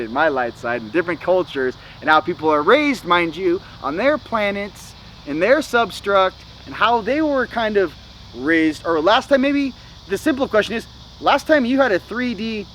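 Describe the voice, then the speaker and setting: A man's voice: sits high, a bit bright, slight background noise, rough recording. A man vlogging a casual spiritual talk to his viewers, rambling with lots of "you know" and "okay?".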